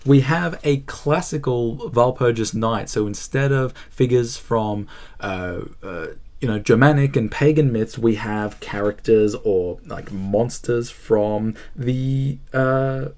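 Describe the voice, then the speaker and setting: A man's voice: medium pitch, takes it slowly, darkish tone. A man hosting a book channel, talking casually about a book he is reading, thinking aloud with frequent fillers and restarts. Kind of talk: casual spoken book review.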